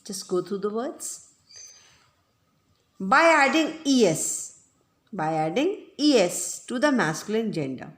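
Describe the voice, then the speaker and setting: A woman teaching a grammar lesson, speaking slowly and deliberately, repeating her points and checking that her listeners understand. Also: mid-range voice, sing-song. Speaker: English teacher. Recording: echoey room.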